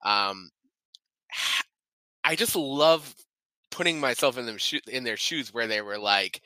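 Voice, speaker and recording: A man co-hosting a casual comedy podcast, rambling and animated, with lots of fillers and swearing. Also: medium pitch, slow, dry recording, low-quality recording. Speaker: podcast co-host.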